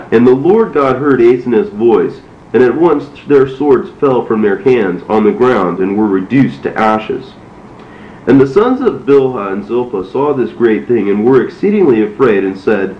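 A man narrating an ancient story in a steady, measured reading voice. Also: mid-range voice, far from the mic. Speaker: reader. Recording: roomy, dull, faintly noisy.

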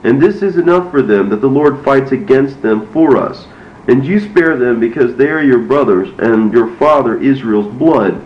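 A man voicing a gentle, merciful noblewoman as he reads a storybook aloud, in an earnest, pleading way. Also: mid-range voice, moderate pace, lightly acted. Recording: roomy, dull, faintly noisy.

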